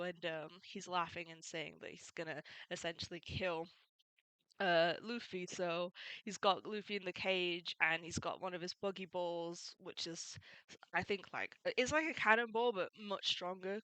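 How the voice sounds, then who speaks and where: A woman gives a casual spoken recap, chatty and full of fillers and small laughs. Her voice is bright and smooth, close and dry on the mic, with no room around it. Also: lowish voice, steady tone, normal speed, no echo, low-quality recording. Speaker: video creator summarizing a manga.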